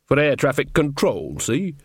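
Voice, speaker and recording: A man's voice: medium pitch, very animated, a little slow, slightly rough, dry recording, clean studio sound. A man voicing a blunt, bawdy old village witch woman in a storybook reading, with cheeky rustic speech.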